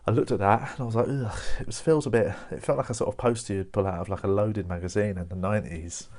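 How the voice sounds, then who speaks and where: A man's voice: lowish voice, fast, darkish tone. A young man. He keeps it chatty, laughing at his own lines and tossing in "mate" and "innit". He performs at home to a camera, with no audience to answer him. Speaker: stand-up comedian. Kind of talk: stand-up storytelling without an audience.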